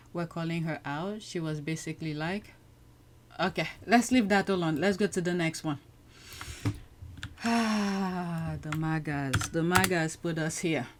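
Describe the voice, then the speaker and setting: A woman hosting a commentary show, talking outspokenly and exclaiming in disbelief at clips. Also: fairly low pitch. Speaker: show host.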